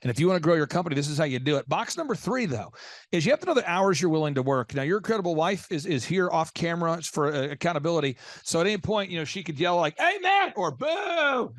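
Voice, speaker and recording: A man hosting a business interview show, asking pointed questions in an energetic, teasing, emphatic way. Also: a little high, fast talker, no room sound, studio quality. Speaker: business podcast host.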